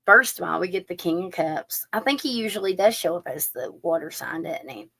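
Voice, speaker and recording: A woman's voice: fairly low pitch, a little fast, vocal fry, slightly rough. A woman giving a chatty live-stream tarot reading, talking straight to her viewers. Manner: chatty, animated, addresses viewers directly with fillers. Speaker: tarot reader.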